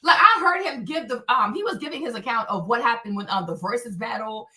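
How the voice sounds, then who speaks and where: A woman hosting her own stream, talking in an animated, blunt way with plenty of profanity and repetition. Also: a little high, brisk. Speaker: show host. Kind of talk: livestream commentary rant. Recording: echoey room, distant from mic.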